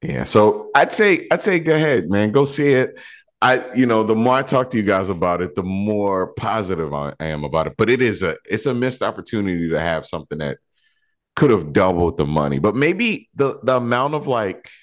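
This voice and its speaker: A man's voice: fairly low pitch, animated, moderate pace. A man co-hosting a casual film podcast, talking bluntly and swearing freely. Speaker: podcast co-host.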